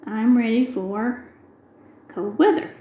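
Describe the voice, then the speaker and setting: Speaking slowly in a slightly high voice, this middle-aged woman hosts a craft video and makes casual conversation over her diamond painting. She recounts a long, ordinary story, quoting what people said. The sound is reverberant, narrow and tinny.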